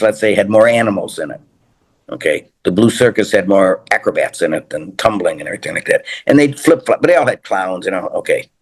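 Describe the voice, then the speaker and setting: Older male guest, lowish voice, rambling storyteller who restarts a lot. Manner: rambling storyteller, repeats phrases, many restarts. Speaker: guest, TV personality. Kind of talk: casual chat, rambling anecdotes.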